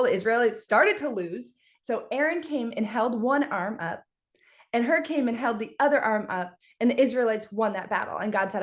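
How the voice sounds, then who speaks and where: A fairly high-voiced woman talks to her team in a lively motivational style. She moves fast between stories and asides, energetic and animated throughout. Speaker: team leader speaking on a team call. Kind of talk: casual motivational talk with storytelling.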